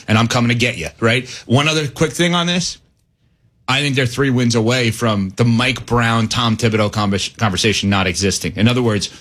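A man's voice: mid-range voice, a bit bright. A man hosting a sports talk show, arguing his points emphatically and challenging his co-hosts. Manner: emphatic, argumentative, quick to challenge others. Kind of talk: casual sports debate.

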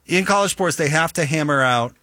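A man hosting a sports talk show, lively and joking, throwing questions to his co-hosts. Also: fairly high pitch, brisk, no room sound. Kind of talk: casual sports radio banter.

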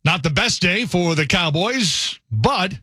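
A man anchoring a sports news highlights show, reading scripted recaps with a crisp, punchy delivery. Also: animated, slow pace, sharp tone, no echo, clean studio sound.

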